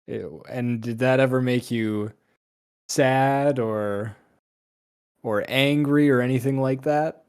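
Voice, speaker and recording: Slow, hesitant tabletop player. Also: mid-range voice, a little mellow, clear, resonant tone. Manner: hesitant, halting, restarts words. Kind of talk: casual tabletop role-play.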